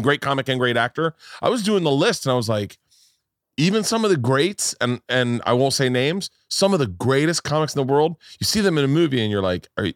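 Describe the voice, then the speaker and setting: A man's voice: mid-range voice, a bit bright, no room sound, clean studio sound. A man hosting a podcast, asking questions in a rambling casual way with many restarts. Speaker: podcast host. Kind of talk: casual interview chat.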